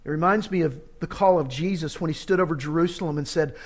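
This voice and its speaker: Preacher, male, slightly high voice, earnest and urgent sermon delivery. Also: fast. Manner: earnest, urgent scripture reading.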